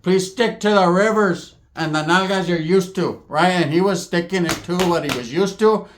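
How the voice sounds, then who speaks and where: A man telling a profane comedic story, slipping into high squeaky character voices. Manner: rapid slangy delivery, jumps into high squeaky character voices.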